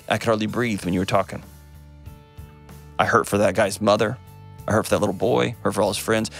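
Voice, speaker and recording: Low-voiced earnest man giving advice. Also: fairly bright tone, no echo. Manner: earnest, repetitive, emphatic. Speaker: host of a call-in advice show. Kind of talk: call-in advice talk.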